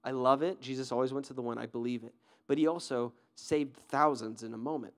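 A man preaching a sermon as pastor, energetic and conversational, often asking the crowd questions and restarting his sentences. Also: medium pitch, fairly quick. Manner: fillers and repeated restarts.

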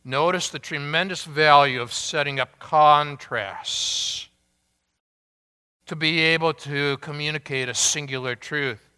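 A man preaching a sermon as pastor, emphatic and deliberate, asking the congregation rhetorical questions. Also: on the high side, steady tone, bright, forceful tone, smooth, big-room sound.

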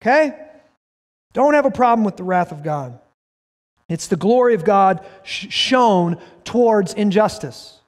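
A man delivers a sermon as pastor, reading scripture aloud and driving his points home with emphatic bursts. His voice sits high for a man. It rings out with a long reverb, as if in a large worship hall. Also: animated, a little slow. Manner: emphatic, rises to shouts, reads scripture aloud.

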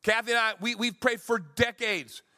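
A man in his sixties, a pastor preaching a sermon with emphatic swings between loud and soft. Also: very high-pitched, steady tone, normal speed.

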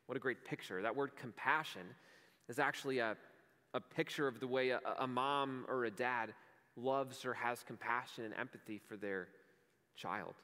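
A man's voice: medium pitch, normal speed, bright, forceful tone. A male pastor delivering a sermon in an earnest, conversational way, telling vivid everyday stories. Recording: long hall reverb.

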